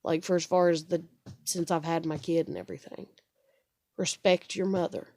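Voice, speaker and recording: A woman's voice: deep voice, fairly even intonation, brisk, warm tone, no room sound, studio quality. A single mother, venting in an angry rant to camera, upset and stressed and swearing repeatedly. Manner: swearing, repetitive, exasperated.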